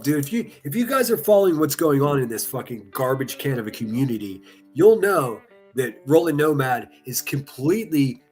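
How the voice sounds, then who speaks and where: A man doing casual reaction commentary, reading comments aloud in a sarcastic, mocking and profane way. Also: mid-range voice. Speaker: online commentary streamer.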